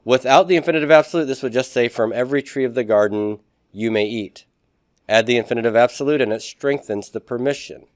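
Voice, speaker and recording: A man teaching a recorded grammar lecture, explaining step by step, spelling out Hebrew words slowly and often asking "okay?" to check in. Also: mid-range voice, dry recording, clean studio sound.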